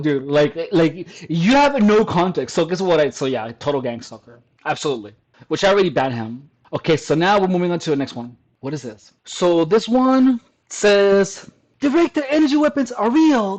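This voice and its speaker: A man's voice: on the high side, very animated, fairly quick, rough recording. A man doing casual, crude commentary on online comments, scoffing, laughing often and restarting his sentences, talking at home. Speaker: commentary vlogger reacting to comments.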